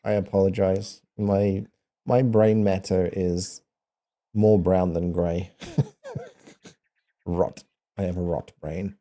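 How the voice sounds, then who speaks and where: A man's voice: deep voice, little pitch movement, slow, pauses often, warm tone. A man with a New Zealand accent chatting casually with viewers, playfully sounding out foreign words and laughing often. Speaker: streamer.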